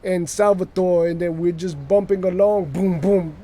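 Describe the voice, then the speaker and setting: A man's voice: high voice, steady tone, normal speed, warm tone, voice pushed up, close to an everyday voice. A man voicing a brash male Italian-American wise guy with a New York accent, telling rambling, jokey stories.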